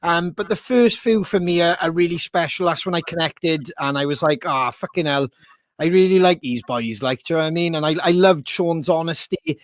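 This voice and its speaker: A man's voice: a little high, fairly even intonation, brisk, few pauses, no echo, clean studio sound. A Welsh man co-hosting a podcast over a video call, chatting in a sweary, enthusiastic, rambling way. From Wales. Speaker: podcast co-host. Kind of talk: casual chat.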